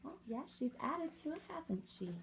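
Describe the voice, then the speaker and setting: A woman reading a children's bedtime story aloud as a library storyteller, gentle and coaxing, talking straight to the young viewers. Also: sits high, very animated, normal speed, slight background noise.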